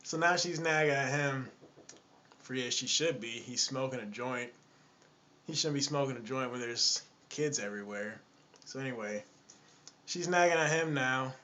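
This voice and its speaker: A man's voice: mid-range voice, normal speed, pushed and bright. A man telling a casual anecdote in a chatty, exasperated way, often repeating himself. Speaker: storyteller.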